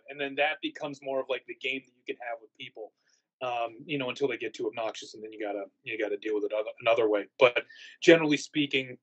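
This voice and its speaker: A man's voice: mid-range voice, fast talker, lo-fi sound. A man answering interview questions in a casual, rambling way, full of fillers and restarts. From United States. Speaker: haunt actor guest.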